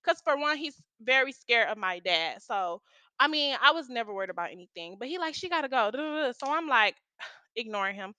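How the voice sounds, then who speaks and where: A young woman with a high, bright, forceful voice spins a profane, slang-filled story in a casual chat. The sound is dry and close, with no room around it. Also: lively intonation, brisk, dry recording. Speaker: storytime vlogger.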